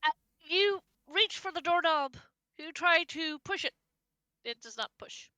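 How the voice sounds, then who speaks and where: A woman's voice: very high voice, animated, a little slow, bright, forceful tone, dry recording. A woman acting as game master, narrating a tabletop game in a playful, stammering way.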